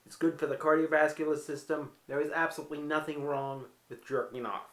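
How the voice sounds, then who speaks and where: A man's voice: a little high, steady tone, a little fast, fairly bright tone. A man vlogging casually from his apartment, telling stories with wry, candid, self-mocking humor. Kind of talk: casual home vlog storytelling. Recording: roomy echoey room.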